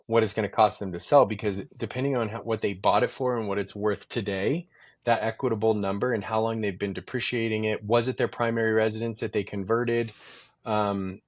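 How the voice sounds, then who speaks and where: A man appearing as a guest on a talk show, explaining real estate reasons in a relaxed, rambling way. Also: medium pitch, no echo, dull audio. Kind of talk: conversational expert explanation.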